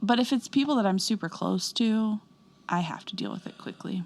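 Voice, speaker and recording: A married woman co-hosts a casual podcast chat among friends, with a gravelly, creaky edge to her voice. She teases her friends and keeps asking questions. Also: mid-range voice, lively intonation, normal speed. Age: adult, married. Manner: warm teasing, asks questions, laughs. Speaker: podcast co-host.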